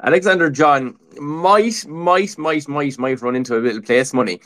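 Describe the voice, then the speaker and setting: A man's voice: on the high side, normal speed, fairly bright tone. A man co-hosting a casual horse racing preview, talking through tips with lots of "look" and "um". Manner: chatty, many fillers like "look" and "um". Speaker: racing tipster co-host.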